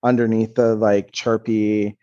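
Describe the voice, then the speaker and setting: A man's voice: on the low side, little pitch movement, measured pace, dark tone, dull audio. A man co-hosting a podcast in casual chat, reflective and analytical as he talks about acting. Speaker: podcast co-host.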